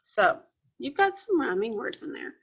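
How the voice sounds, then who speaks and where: A woman's voice: high voice, big pitch swings, moderate pace, a bit bright, breathy edge, dull audio. A woman teacher giving a recorded lesson to young children, explaining patiently step by step. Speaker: second grade teacher.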